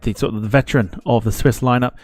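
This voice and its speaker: A man's voice: mid-range voice, steady tone, quick pace, no room sound, soft background music. A man hosting a live football watchalong stream, chatting casually, greeting viewers in the chat and laughing at himself as he rambles.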